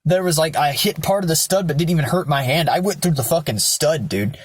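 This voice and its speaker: A man's voice: fairly high pitch, a little fast, breathy edge, no echo. Blunt young man telling his story. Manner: blunt, heavy swearing, rambling asides. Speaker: vlogger. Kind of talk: candid personal storytelling.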